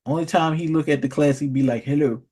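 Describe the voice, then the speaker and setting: A man's voice: a little high, steady tone, quick pace, mellow, slightly rough. A man ranting casually in a vlog, rambling and profane, often restarting and repeating words. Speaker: vlogger. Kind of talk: casual storytelling rant.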